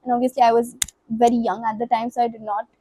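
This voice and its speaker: A woman's voice: a little high, level tone, fast, dark tone, slight background noise, rough recording. A teenage woman from Delhi with an Indian English accent, chatting casually and rambling as she stumbles over words. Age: late teens. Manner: switches between English and Hindi mid-sentence. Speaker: book vlogger. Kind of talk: casual unscripted chat.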